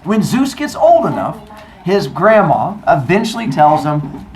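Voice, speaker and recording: Animated, jokey male storyteller for a class, lively pitch, echoey room. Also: measured pace, recorded from a distance, slight background noise. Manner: animated, jokey, quizzes listeners. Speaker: storytelling teacher.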